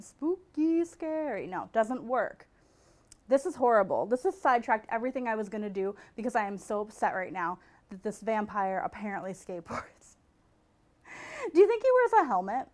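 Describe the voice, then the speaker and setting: A woman hosting a podcast in casual comedic chat, animated, laughing and breaking into incredulous outbursts. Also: fairly high pitch. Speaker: podcast host.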